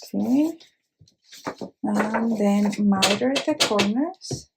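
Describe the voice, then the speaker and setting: A woman hosting a craft tutorial, explaining each step slowly and carefully with small fillers, an English speaker. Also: medium pitch, creaky, heavy background noise.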